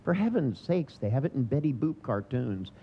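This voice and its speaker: A man in his sixties gives a humorous seminar talk with a sardonic edge. His voice is gravelly, and its pitch moves in a lively way. The recording is dull and lo-fi, with faint noise behind it. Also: normal speed. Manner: sardonic, acts out quoted voices. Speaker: seminar trainer.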